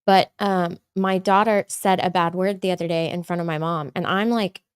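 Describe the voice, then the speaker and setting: A woman's voice: on the low side, steady tone, moderate pace, clear, resonant tone, dry recording, studio quality. A woman host in casual chat, chatty and self-deprecating, telling a story about being a parent. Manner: chatty, self-deprecating, frequent agreeing hums.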